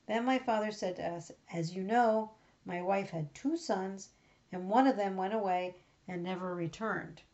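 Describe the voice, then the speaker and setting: A woman's voice: medium pitch, normal speed, darkish tone, close to an everyday voice. A woman reading out the part of a pleading older brother in an earnest, plain reading voice with small slips. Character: pleading male elder brother. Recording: dull lo-fi recording.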